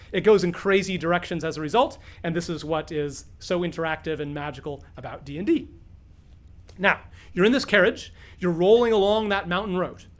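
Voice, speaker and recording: A man with an upbeat, explanatory manner, teaching beginners as game master and narrating the scene to a room of players. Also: high voice.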